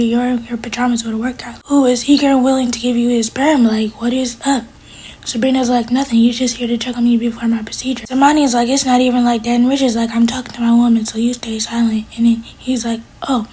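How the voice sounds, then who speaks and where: A woman's voice: fairly high pitch, mellow, husky, low-quality recording. A woman giving a casual recap of a TV episode, retelling each scene by quoting the characters and adding blunt asides of her own. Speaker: TV episode reviewer.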